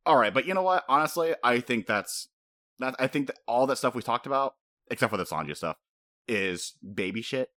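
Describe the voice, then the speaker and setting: A man co-hosting a casual podcast, talking fast and animated, laughing often and breaking into high-pitched impressions. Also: no room sound, clean studio sound. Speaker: podcast co-host. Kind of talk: casual chat.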